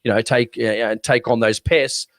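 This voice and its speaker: A man's voice: medium pitch, fairly even intonation, normal speed, no echo. An Australian man co-hosting a podcast, telling a story in a rambling, casual way with lots of restarts. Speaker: podcast co-host. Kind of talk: casual chat.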